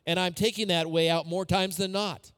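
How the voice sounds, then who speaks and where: A man preaches to his congregation, his voice sitting high for a man. He talks in a relaxed, conversational way, weaving in personal stories and repeating key phrases. The sound carries a long reverb, as if filling a large sanctuary. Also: normal speed, smooth. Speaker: pastor. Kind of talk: sermon.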